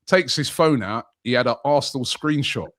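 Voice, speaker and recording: A man's voice: medium pitch, moderate pace. A man, a podcast co-host telling a funny fan story in casual chat, putting on voices for the people he quotes. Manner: animated storyteller, puts on voices for quoted fans.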